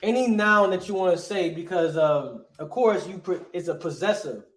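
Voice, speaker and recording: A man's voice: high voice, expressive, moderate pace, roomy sound. A man teaching a lesson, asking rhetorical questions and punctuating points with emphatic asides. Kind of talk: classroom lesson.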